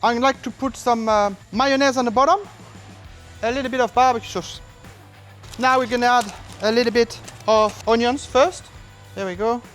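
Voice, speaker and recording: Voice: medium pitch, normal speed, long pauses. Playful pitmaster with faint music behind. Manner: playful, with silly asides and sing-song exclamations; relaxed step-by-step explaining. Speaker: barbecue cook and channel host. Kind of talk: casual cooking demonstration. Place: outdoors at a large smoker.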